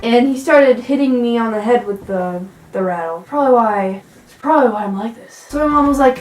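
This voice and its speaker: A young woman tells childhood stories in a lively, slightly high voice, popping into squeaky quoted voices now and then. The room is echoey, and faint music plays underneath. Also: brisk, few pauses. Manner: animated, acts out quoted voices in a high pitch. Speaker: vlogger. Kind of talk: casual storytelling to camera.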